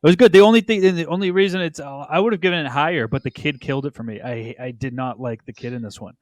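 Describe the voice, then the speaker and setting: A man's voice: on the high side, fast talker, dry recording. A man giving blunt, casual opinions on a podcast and swearing freely. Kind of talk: casual chat.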